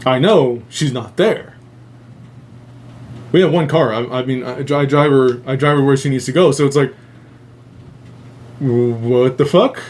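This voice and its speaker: A man's voice: medium pitch, unhurried, long pauses, darkish tone. Rambling, swearing man hosting a casual stream. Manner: rambling, heavy swearing, laughs often. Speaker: host. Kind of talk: casual live-stream chat.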